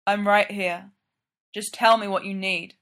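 A woman voicing a steady, dry young businessman friend, calm and wry. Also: mid-range voice, a little slow, lightly acted.

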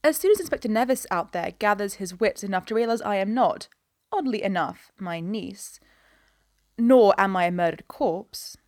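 A woman's voice: medium pitch, expressive, normal speed, darkish tone, no echo, clean studio sound, close to an everyday voice. A woman voicing an airy, imperious older upper-class lady. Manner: airy, haughty.

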